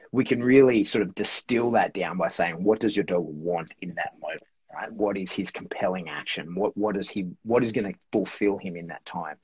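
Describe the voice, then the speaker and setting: A man's voice: lowish voice, a little mellow, slightly rough, dry recording. A man explaining dog training in a casual, rambling interview, peppering his talk with "like" and "right?". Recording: dull, lo-fi dry sound.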